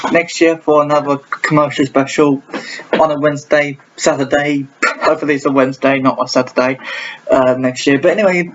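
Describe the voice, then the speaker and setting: A man's voice: on the high side, a bit bright. Rambling man reacting to old ads. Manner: rambling, repeats himself, halting restarts. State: voice a little off today. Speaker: reaction channel host. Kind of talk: casual reaction commentary. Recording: dull lo-fi with faint noise.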